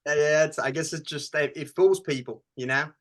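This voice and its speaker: Guy w a bright voice, just rambling thru a story, chill interview talk. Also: on the high side, a little fast. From United States. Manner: rambling, loose storytelling with many fillers. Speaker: screenwriter and actor. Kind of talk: casual interview chat.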